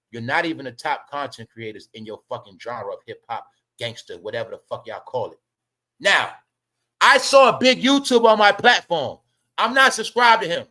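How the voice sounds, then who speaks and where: A man's voice: sits high, pushed and bright. A man hosting his own livestream, giving blunt, profane, mocking commentary and repeating his points. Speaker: livestream host.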